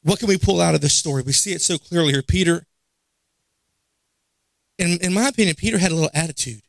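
A man's voice: a little high, fast, gravelly, dry recording. A man preaching a sermon as pastor, asking the church rhetorical questions, repeating key phrases, and acting out Bible dialogue in character.

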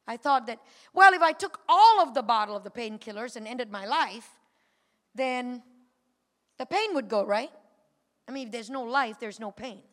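A woman giving a personal testimony to a church congregation, moving from a quiet retelling to fervent calls. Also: on the high side, animated, normal speed, pauses often. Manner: builds from quiet storytelling to fervent shouting. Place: church sanctuary. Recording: long church hall reverb.

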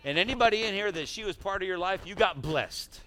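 A man preaching a sermon as pastor, swinging between loud urging and quiet asides in a church sanctuary on a stage mic. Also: sits high, fairly quick.

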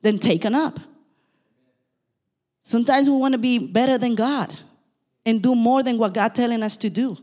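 This is a woman pastor who preaches quickly and emphatically, with a non-native English accent. Her voice sits fairly high, and it carries the long reverb of a church hall. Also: warm tone. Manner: fast, emphatic preaching with asides and apologies. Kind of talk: sermon.

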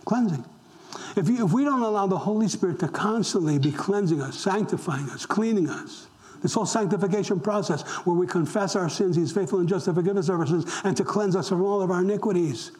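An older man preaching a sermon to his church, his voice sitting high for a man. He talks in a loose, conversational way and keeps asking the congregation questions as he goes. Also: fairly quick, a little mellow, rough recording. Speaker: pastor.

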